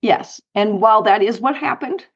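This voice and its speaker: A middle-aged woman from Colorado, a guest telling animated anecdotes in an interview with light laughs. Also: a little high, normal speed, slightly rough, highs cut off. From United States, Colorado. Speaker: guest, author and speaker. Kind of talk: storytelling interview.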